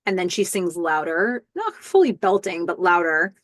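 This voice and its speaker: A woman with a fairly low voice hosts a casual podcast recap, walking through scenes with plenty of fillers and sudden excited outbursts. Her voice sounds dry and close, with no room echo. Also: normal speed. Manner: chatty, lots of fillers and "I don't know", excited outbursts. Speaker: podcast host recapping a TV episode.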